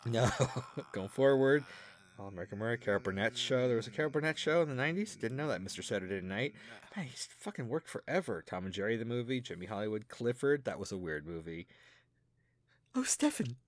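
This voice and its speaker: A man's voice: medium pitch, lively intonation, fast talker. Wry, teasing male podcast co-host. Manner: wry, teasing, mutters asides. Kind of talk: casual banter.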